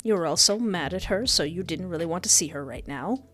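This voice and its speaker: A woman's voice: fairly low pitch, expressive, fairly quick, a bit bright, soft background music. A woman playing a visual novel, reading the narration aloud with playful asides. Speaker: game streamer.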